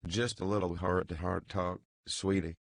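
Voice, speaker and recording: A man reading an audiobook voices a domineering, savage brothel keeper who bullies and gloats in quick, clipped bursts. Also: low voice, steady tone, gravelly, no room sound.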